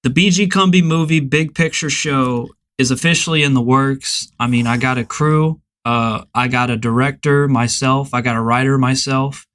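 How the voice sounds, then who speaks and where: A man's voice: medium pitch, steady tone, moderate pace, few pauses, fairly bright tone. A man hosting a podcast, chatting casually in a rambling, hesitant way. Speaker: podcast host.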